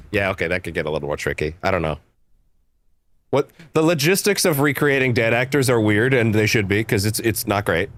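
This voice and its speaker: A man with a medium-pitched voice streams a game, offering rambling, casual let's-play commentary that keeps interrupting itself, and he swears freely. There's no room sound.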